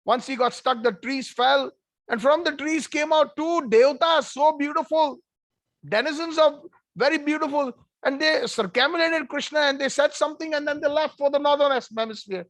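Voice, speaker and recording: A man giving an animated devotional storytelling talk with conversational asides. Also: very high-pitched, moderate pace, no room sound. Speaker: devotional speaker.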